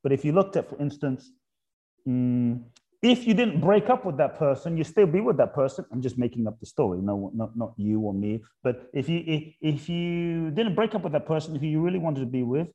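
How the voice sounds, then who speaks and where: A man with a slightly high, warm, mellow voice reflects aloud as a guest in a spiritual conversation. His pitch moves in lively sweeps as he keeps returning to rhetorical questions. On his key points he drops soft and slow. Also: lo-fi sound. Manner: poses repeated rhetorical questions.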